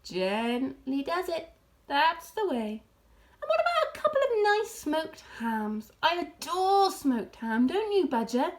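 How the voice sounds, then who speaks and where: Woman doing a boastful dad fox, bouncy high lines, savoring every word. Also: very animated, slow, full character voice. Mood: gleeful. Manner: grand, relish-filled, commanding. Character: proud, showy adult male fox, head of family.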